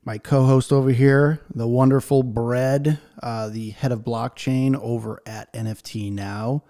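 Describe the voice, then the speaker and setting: A man's voice: mid-range voice, steady tone, a little slow, warm tone. A man from New England hosting a casual podcast, joking and loose, with lots of "like" in his talk. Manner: loose, joking, says "like" a lot. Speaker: podcast host.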